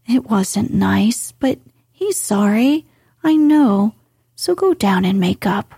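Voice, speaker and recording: A woman voicing a frank, spirited young woman in a soft, slow whispered role-play reading. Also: medium pitch, animated, gravelly, husky, dry recording, clean studio sound, exaggerated voice. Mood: coaxing.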